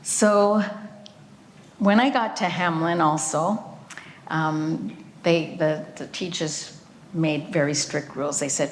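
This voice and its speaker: Older woman speaker, low-pitched, earnest storytelling, faint room hiss behind. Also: steady tone. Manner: earnest storytelling, unhurried, occasional fillers. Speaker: guest speaker, cellist. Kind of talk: remembrance talk with slides. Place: event venue.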